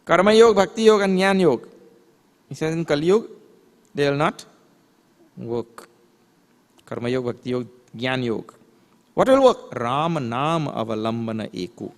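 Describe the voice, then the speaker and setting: A man's voice: mid-range voice, very animated. A man, a swami, giving a spiritual lecture, explaining scripture terms and asking rhetorical questions. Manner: recites verses in a slow chant. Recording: long hall reverb.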